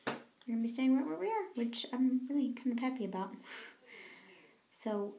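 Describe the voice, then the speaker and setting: A woman chatting casually and rambling in a late-night vlog from a dark room at home, laughing now and then. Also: sits high, lively intonation, normal speed, gravelly. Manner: laid-back, rambling, laughs often. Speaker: vlogger. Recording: roomy home room, faint noise.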